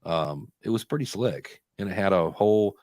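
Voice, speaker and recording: Male podcast co-host, rambling storyteller, lowish voice, close and dry. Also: expressive, darkish tone, no echo. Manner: chatty storytelling, pausing to hunt for words. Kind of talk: casual chat on a live stream.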